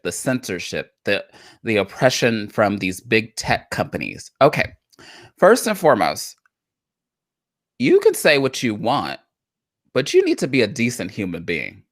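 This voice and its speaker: A woman with a very deep voice co-hosts a live talk show podcast, chatting casually about politics and repeating phrases for emphasis. The sound is studio quality with no echo.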